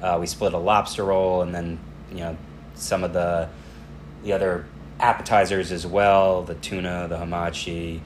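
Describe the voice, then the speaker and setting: A man with a notably low voice co-hosts a podcast in easygoing chat. He tells stories at a relaxed pace and slips into quick bits of back-and-forth dialogue. A faint hiss sits under the recording. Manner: relaxed storytelling, acting out dialogue. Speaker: podcast co-host. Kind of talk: casual chat.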